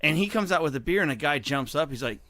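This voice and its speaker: A man's voice: fairly high pitch, lively intonation, sharp tone, no room sound. A man, a podcast co-host, chiming in and retelling a night out in casual chat. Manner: laughs often, chimes in with quick asides.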